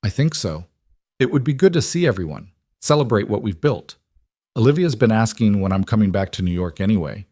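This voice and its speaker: A composed, thoughtful woman speaks in a calm, measured way, a little higher than the teller's own voice, as a male narrator puts her on. The voice is low and steady, and the recording is dry and close. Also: no echo. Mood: calm reflective. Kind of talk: audiobook narration.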